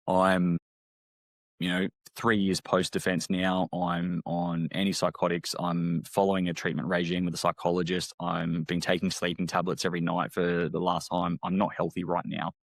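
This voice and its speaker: A man with an Australian accent, a former medic speaking candidly in an interview, halting and reflective with frequent restarts. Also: sits low, creaky, dry recording. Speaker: guest, former army medic.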